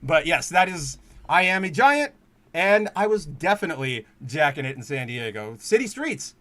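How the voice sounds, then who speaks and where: A young man hosting a casual podcast, telling a rambling, excitable story full of restarts and swearing. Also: fairly high pitch, moderate pace. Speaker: podcast host.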